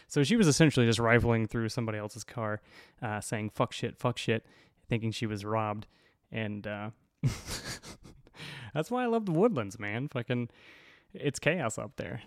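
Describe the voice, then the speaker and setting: A man's voice: medium pitch, normal speed, dry recording, studio quality. A man hosting his own podcast, telling a story in a wry, rambling way with plenty of cursing and fillers. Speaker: podcast host. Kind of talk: casual storytelling monologue.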